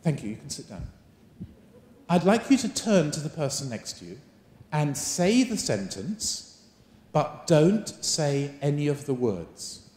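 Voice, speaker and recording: A man's voice: on the high side, unhurried. A man running a live teacher-training workshop, coaxing the audience and firing questions at them. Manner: animated, coaxing, asks the room many questions. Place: large conference hall. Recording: roomy echo of a large hall.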